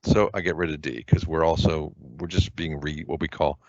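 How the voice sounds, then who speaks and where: A man's voice: very deep voice, steady tone, moderate pace, darkish tone, dry recording. A man teaching an online test-prep lesson, explaining grammar casually and often checking in with the listener. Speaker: SAT prep tutor. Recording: dull lo-fi webinar audio.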